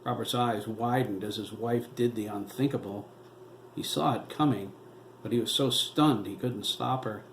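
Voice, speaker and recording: Man, author, audiobook narration, steady, roomy echo, faint background noise. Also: lowish voice, moderate pace. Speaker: author reading his novel.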